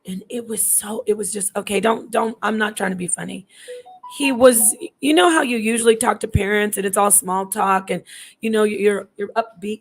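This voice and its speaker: A woman's voice: medium pitch, fairly even intonation, moderate pace, husky. Chatty woman telling a ghost story. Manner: chatty, digressive, restarts often, acts out quoted voices. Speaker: host telling a personal story. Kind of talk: casual storytelling to camera.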